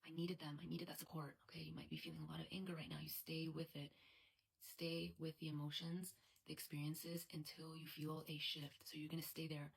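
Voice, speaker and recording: A woman with a low, husky voice coaching a tapping exercise. Her delivery stays soft and often drops to a whisper. The pitch barely moves, and a gravelly edge runs under her words. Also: flat delivery, fairly quick. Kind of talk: guided tapping instruction.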